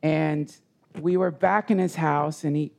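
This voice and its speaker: A man telling a heartfelt personal story as a guest, rambling and halting, with frequent restarts. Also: on the high side, fairly even intonation, gravelly, darkish tone. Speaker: podcast guest. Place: live retreat session.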